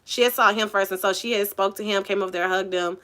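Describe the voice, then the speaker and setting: A woman's voice: medium pitch, steady tone, fast talker, fairly bright tone. A woman telling a personal story in a casual vlog, chatty and candid, full of "like" and "you know".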